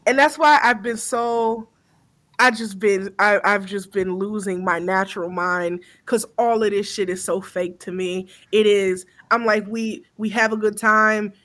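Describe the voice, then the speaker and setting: A woman's voice: medium pitch, steady tone, a little slow, a bit bright. A woman co-hosting a podcast in casual chat, blunt and heated, talking emphatically with plenty of profanity. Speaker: podcast co-host.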